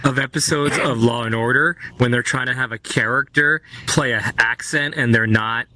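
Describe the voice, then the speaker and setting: A man chatting casually in a group discussion, quick to laugh. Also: medium pitch, steady tone, bright, forceful tone.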